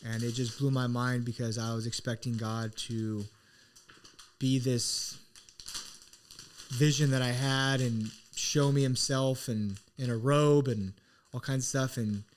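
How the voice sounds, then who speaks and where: A man's voice: medium pitch, steady tone, unhurried, slight background noise. A middle-aged man co-hosting a podcast, earnestly telling a personal story in a casual, reflective way, with many restarts. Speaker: podcast co-host.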